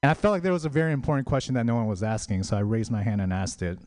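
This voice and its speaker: A man closing out a short stand-up set with an animated story. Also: mid-range voice, rapid-fire, no room sound. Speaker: stand-up comedian.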